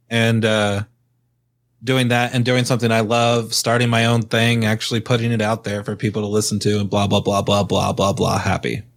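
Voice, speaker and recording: A young man co-hosting a podcast, talking bluntly in crude, casual banter and trash-talking freely. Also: lowish voice. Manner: blunt, swears, trash-talks. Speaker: podcast co-host.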